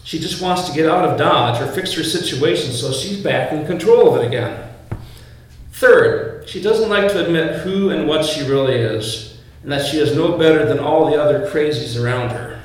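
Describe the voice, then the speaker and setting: Earnest male preacher in echoing space. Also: on the high side. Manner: earnest, with rhetorical questions. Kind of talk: sermon. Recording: very echoey, from far off.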